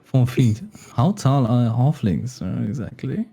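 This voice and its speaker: A man narrating a tabletop game as dungeon master, lively and often laughing. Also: mid-range voice, a little slow, vocal fry, husky.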